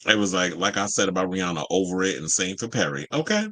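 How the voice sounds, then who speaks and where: A man from Georgia hosts a casual entertainment chat. His pitch swoops up and down as he talks, slangy and full of asides. He laughs easily and keeps a loose, gossipy flow. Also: fast. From Georgia, USA. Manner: animated, chatty, laughs often, slangy asides. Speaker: host.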